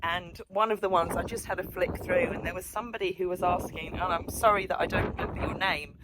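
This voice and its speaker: A woman's voice: lowish voice, steady tone, fast. Teasing woman on a farm. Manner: teasing, chatty, laughs often. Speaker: sanctuary owner and vlogger. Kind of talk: casual chat. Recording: noisy outdoor recording.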